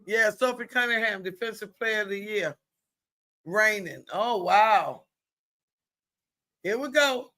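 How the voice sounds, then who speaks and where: Excitable woman calling a game live. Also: medium pitch, slow pace, pauses often. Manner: excitable, exclaiming loudly at plays; chatty, colloquial. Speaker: sports commentary streamer. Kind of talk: live play-by-play commentary.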